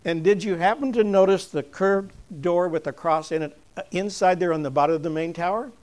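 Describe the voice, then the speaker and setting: Speaking to a church gathering, an older man with a slightly high voice gives a folksy, homespun object-lesson talk full of stories. Between points he chuckles, and he drops to a soft, slow delivery when he turns earnest.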